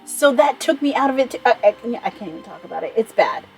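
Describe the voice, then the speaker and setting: A woman's voice: a little high, animated, fast talker, slightly rough, faint music behind, poor audio. A woman in her thirties rambling in a casual vlog chat, enthusiastic and swearing freely. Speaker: vlogger.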